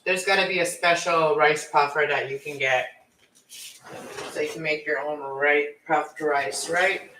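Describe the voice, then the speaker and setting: A man's voice: a little high, steady tone, unhurried, bright, forceful tone. Chatty man cooking, camera far off. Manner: rambling, self-correcting, chatty. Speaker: cooking vlogger. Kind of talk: casual live-stream chat while cooking. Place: home kitchen. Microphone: camera set away from the stove. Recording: echoey kitchen, distant camera mic, faint noise.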